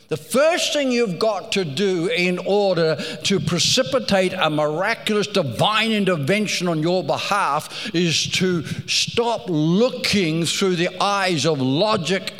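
A man's voice: high-pitched, fairly bright tone, in a large hall. A man preaching a sermon, telling stories with rising emphasis and repeated phrases.

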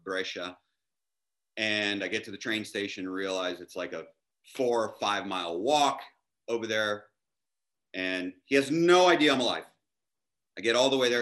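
A man, a chef guest, telling a story in casual chat and acting out the voices of the people in it. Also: fairly low pitch. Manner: animated, acts out dialogue in his anecdotes.

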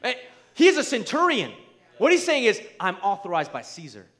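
A man with a high voice preaches a sermon. He talks conversationally, often checking in with his listeners, and drives his points home with rising, emphatic force. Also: huge pitch swings, moderate pace. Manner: emphatic, rising to near shouts; conversational, asks the crowd "right?".

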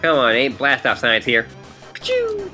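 A man's voice: medium pitch, normal speed, bright, forceful tone, faint music behind, close to an everyday voice. A man voicing a brash teenage troll girl who talks in slang and fish puns while reading game dialogue. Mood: cocky. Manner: cocky, slangy, pun-heavy.

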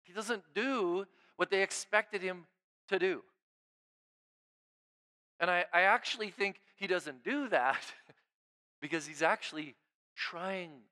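A male pastor preaches in a relaxed, conversational way, with a fairly high voice that sounds smooth and crisp. He checks in with the room constantly and restarts his phrases. He swings between emphatic, raised lines and near-hushed asides. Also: a little slow. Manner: informal preaching, frequent "right?" check-ins and repeated restarts. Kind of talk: conversational sermon.

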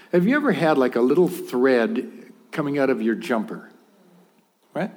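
A man's voice: mid-range voice, a little mellow. A man preaching a sermon in a conversational, humorous way, with acted asides.

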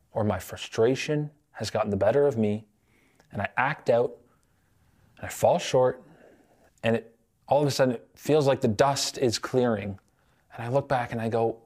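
A man's voice: mid-range voice, moderate pace, long pauses. Young man preaching a casual sermon. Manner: conversational, self-deprecating storytelling. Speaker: pastoral intern.

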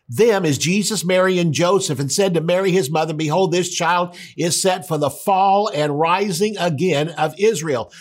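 Emphatic preacher, man, fairly high voice. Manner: emphatic, rises and quickens when stressing a point. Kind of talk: sermon.

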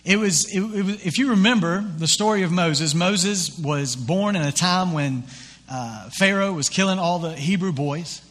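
A man preaching a sermon as pastor, retelling scripture in a conversational, animated way with acted-out quotes. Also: sits high, normal speed, in a large hall.

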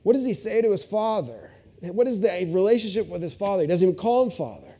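Rich: A man preaching a sermon, retelling a story with expressive, shifting delivery. His voice sits a little high but sounds mellow and warm. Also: fast.

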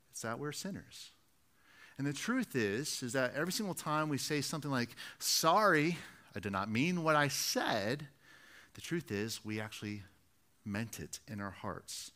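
Bright-voiced male preacher, earnest. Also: medium pitch. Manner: earnest, repetitive, rhetorical questions. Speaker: pastor. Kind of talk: sermon.

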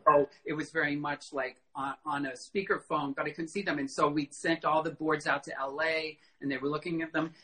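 A middle-aged man, a guest in a casual interview, telling animated stories and acting out quoted dialogue, with frequent fillers. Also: on the high side, fairly quick, hardly any pauses, rough recording. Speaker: costume designer guest.

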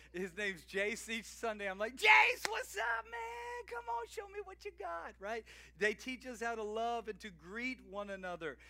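Male pastor in his forties, high and very bright voice, energetic conversational sermon delivery. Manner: energetic, conversational, laughs often, shouts greetings.

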